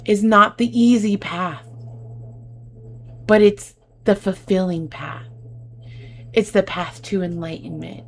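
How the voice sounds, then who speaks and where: A woman reads tarot cards for her viewers in an effusive, heartfelt way. Her voice carries a gravelly fry at a middle pitch, and she keeps calling the listener babe and my love. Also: steady tone, slow, pauses often. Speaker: tarot reader. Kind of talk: tarot reading addressed to viewers.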